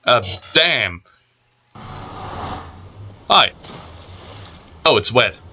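A man's voice: medium pitch, sing-song, normal speed, sharp tone, slight background noise. A man hosting a let's play, joking and teasing the game's characters as he plays. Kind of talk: casual gameplay commentary.

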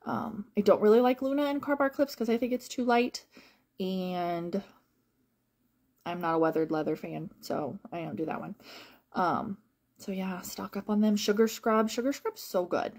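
A home-fragrance consultant chats casually with viewers on a live stream, her mid-range voice at normal speed. She rambles animatedly, using plenty of fillers and repeating phrases.

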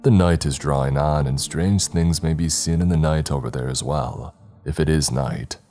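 A man voicing an old male mystic priest who speaks slowly and solemnly in archaic phrasing, for a horror story. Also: very deep voice, warm tone. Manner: slow, solemn, archaic speech.

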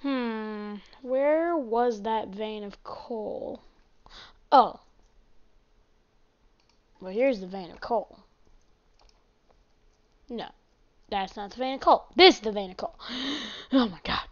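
A woman's voice: fairly high pitch, takes it slowly, pauses often. A woman giving rambling, chatty let's play commentary as a gaming host, often apologizing. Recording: dull lo-fi mic.

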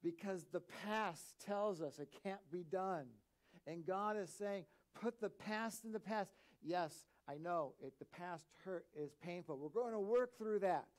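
A man preaching a sermon as pastor in a church, animated, swinging between loud emphatic bursts and quiet asides. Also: high-pitched, unhurried.

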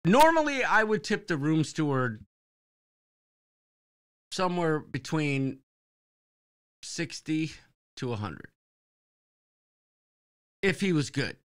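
A man's voice: a little high, slow pace, pauses often, smooth. A man co-hosting a live show, rambling through a story and acting out what people said. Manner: rambling, animated storyteller who acts out quotes. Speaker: podcast co-host. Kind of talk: casual live-stream storytelling.

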